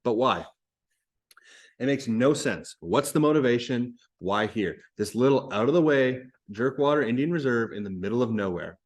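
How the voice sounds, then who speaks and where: A man's voice: mid-range voice, animated, normal speed, natural voice. A man reading as a skeptical, blunt woman. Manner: doubtful, questioning.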